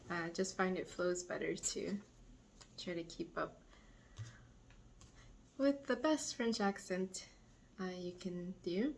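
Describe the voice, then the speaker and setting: A woman teaching a beginner language lesson, slowly repeating each phrase for her learners. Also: fairly low pitch, vocal fry, a little hiss or hum. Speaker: French teacher.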